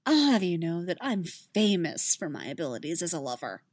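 A woman's voice: on the low side, big pitch swings, normal speed, no room sound. A woman voicing an emotional young male bard who pleads and gushes, breathless and emphatic. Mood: urgent.

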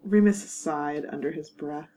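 A woman with a fairly low voice narrates a fanfiction audiobook. Her telling is measured and wry, and she keeps an even storyteller's pace. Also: low-quality recording. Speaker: narrator and producer.

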